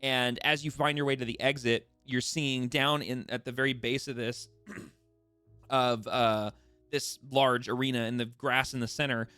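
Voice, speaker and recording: A man narrating as game master, halting and full of fillers. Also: medium pitch, fairly even intonation, bright, forceful tone, clear, resonant tone, dry recording, faint music behind.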